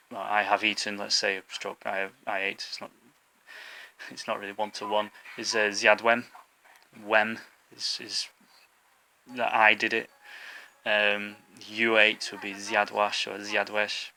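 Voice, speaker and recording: A man's voice: on the low side, sharp tone, slight background noise, rough recording. A man from England, a native English speaker, explaining language points in an informal lesson, with many ums and restarts. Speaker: language teacher.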